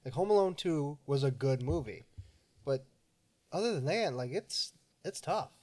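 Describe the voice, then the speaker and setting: A man's voice: a little high, animated, a little slow, darkish tone. A man in his thirties co-hosting a casual podcast chat, laid-back, swearing casually and laughing often. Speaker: podcast co-host.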